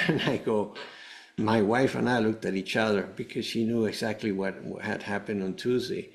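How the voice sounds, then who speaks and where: A man's voice: on the low side, normal speed. A man, a guest on a show, giving an earnest personal testimony in a meandering way, often restarting his sentences. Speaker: guest, cancer survivor. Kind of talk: personal testimony told to a host.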